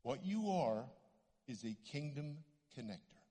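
A Canadian man preaching to a congregation, his fairly high voice rising and falling with lively swings as he tells stories and acts out the voices. He sounds middle-aged, and a long reverb from the church hall trails every phrase. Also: unhurried, husky. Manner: animated storytelling, acts out voices. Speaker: guest preacher. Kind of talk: sermon with stories. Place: church sanctuary.

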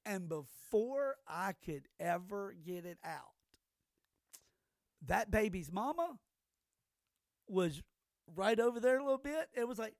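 A man's voice: sits high, expressive, slow pace, vocal fry, long pauses, dry recording. Profane, rambling older man, dry sound. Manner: rambling, profane storyteller with many restarts. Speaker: podcast co-host. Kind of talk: casual chat.

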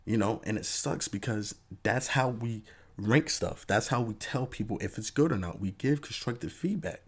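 A man hosting a podcast, talking through his take in a casual, animated monologue with lots of "you know" asides. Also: moderate pace, slightly rough. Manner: animated, acts out fans' voices in a raised pitch. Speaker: podcast host.

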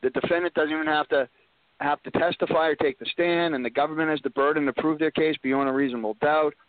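A man's voice: a little high, fairly even intonation, fast talker, dry recording. A man who works as a lawyer, explaining his view in an earnest way during casual phone talk. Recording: tinny dry phone line.

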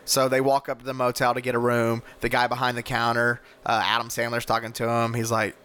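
A man co-hosting a podcast in casual chat, eagerly retelling movie scenes and doing the lines in high squeaky voices. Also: completely flat delivery, fairly quick, sharp tone, clean tone. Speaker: podcast co-host.

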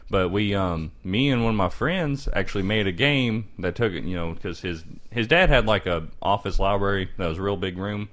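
A man's voice: deep voice, moderate pace, few pauses, fairly bright tone. A man in casual chat, rambling and swearing often as he tells stories.

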